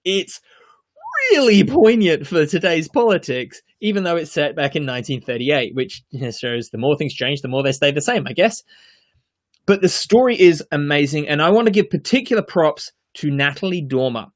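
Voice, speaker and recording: A man's voice: on the high side, lively intonation, normal speed. A man co-hosting a podcast, reviewing a TV series in casual chat, earnest and emphatic, with frequent fillers and restarts.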